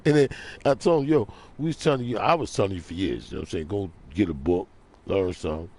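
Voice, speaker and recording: A man's voice: low voice, quick pace, a little mellow. A man hosting his own online radio show, talking in a rambling, slangy monologue and laughing at his own jokes. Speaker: internet radio show host. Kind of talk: casual monologue.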